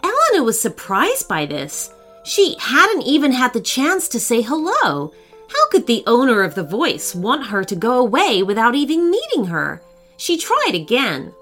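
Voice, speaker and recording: A woman narrating a children's story in a gentle, expressive reading voice. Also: a little high, a little slow, faint music behind.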